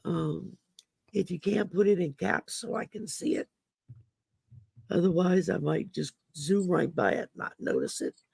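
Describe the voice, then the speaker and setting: A woman hosting a casual livestream chat, her voice growly from damaged vocal cords, rambling and halting with many fillers. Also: lowish voice, gravelly, mellow, breathy edge, no echo. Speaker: host.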